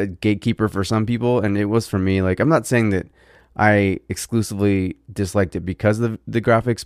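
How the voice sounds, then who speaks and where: This is a man chatting on a gaming podcast in a loose, rambling way, full of "you know" and restarts. His voice sits a bit low. The sound is dry and close to the mic. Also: a little mellow, clear, resonant tone, no echo. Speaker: podcast co-host. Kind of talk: casual gaming podcast chat.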